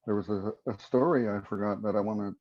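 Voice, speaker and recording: A man on a video call telling a story to a prayer circle in an unhurried way, with many pauses. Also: fairly low pitch, steady tone, no room sound, highs cut off.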